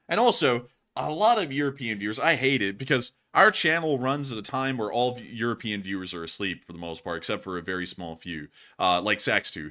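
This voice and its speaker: A man's voice: mid-range voice, bright, forceful tone. A young man hosting a news livestream, talking in a loose, rambling way and laughing easily. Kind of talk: casual livestream chat.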